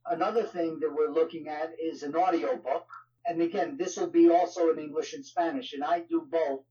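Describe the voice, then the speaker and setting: A man's voice: a little high, fairly even intonation, fairly quick, mellow, muffled recording. A man with a New York accent, a ministry leader talking as a guest in an interview, conversational with frequent fillers. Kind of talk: casual interview talk.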